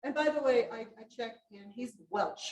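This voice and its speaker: A woman's voice: on the high side, moderate pace. A woman directing a choir rehearsal, coaching the singers and singing short phrases to show how they should go. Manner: sings phrases to demonstrate, animated coaching. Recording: roomy rehearsal hall, from far off.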